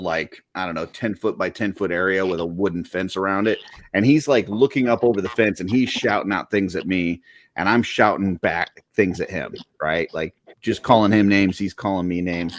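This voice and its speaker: Low-voiced man telling a story. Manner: laid-back storytelling, laughs while telling. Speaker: podcast host. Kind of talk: casual chat, anecdote.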